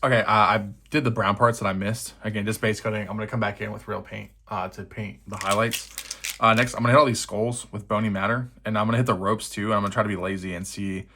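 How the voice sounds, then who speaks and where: A man's voice: on the low side, fairly even intonation, quick pace, bright, forceful tone. A young man chatting casually while he paints a miniature at his desk, thinking aloud and poking fun at himself. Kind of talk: casual narration over a painting session.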